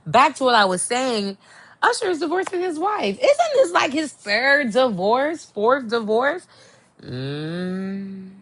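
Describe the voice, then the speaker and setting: A young woman hosting a casual chat show, gossiping with lively swoops of pitch and sudden high exclamations. She takes her time, drawing out her words at an unhurried pace. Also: slightly rough. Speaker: podcast host.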